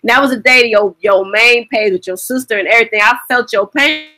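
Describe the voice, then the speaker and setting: A woman co-hosting a casual chat, telling lively stories and cursing freely. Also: a little high, brisk, dry recording. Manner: lively storyteller, curses freely. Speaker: co-host.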